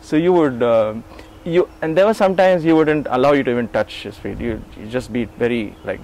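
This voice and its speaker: Brief: man in his 40s, interview guest, lively anecdotes, mid-pitched, acts out quotes, faint background noise. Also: normal speed, hardly any pauses. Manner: animated, acts out quoted dialogue; frequent restarts and chuckles. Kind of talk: storytelling recollection.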